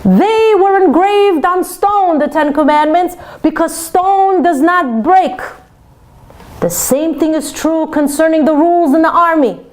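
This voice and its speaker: A woman voicing an angry, stern army general who shouts and gives orders. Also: extremely high pitch, a little slow, voice pushed up, rough recording. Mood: lecturing. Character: furious army general, older man.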